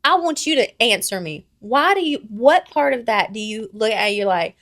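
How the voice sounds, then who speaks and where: A woman's voice: fairly high pitch, lively intonation, normal speed, a bit bright. A woman co-hosting a podcast in casual chat, brash, profane and teasing. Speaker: podcast co-host.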